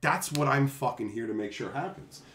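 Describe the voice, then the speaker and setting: A man's voice: medium pitch, expressive, moderate pace, fairly bright tone, slight background noise. A man hosting a stream, telling stories in a blunt, profane, fiery rant. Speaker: stream host and tournament organizer. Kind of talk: heated storytelling rant.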